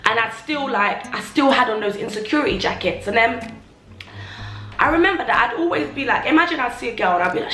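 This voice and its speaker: A young woman talks openly to her viewers in a relaxed, filler-heavy way, now and then acting out what others once said to her. Her voice is bright and forward, and the echoey home room carries faint music underneath. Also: mid-range voice. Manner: chatty, filler-heavy, acts out remembered remarks. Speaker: vlogger. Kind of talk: casual confessional vlog. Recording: roomy echo, faint music.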